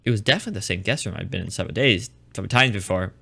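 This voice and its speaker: This low-pitched, creaky voice is pushed and bright, slightly rough, and fires off words rapidly. He's a man streaming a visual novel, alternating between reading the text and joking, rambling commentary that keeps restarting in a casual let's-play style.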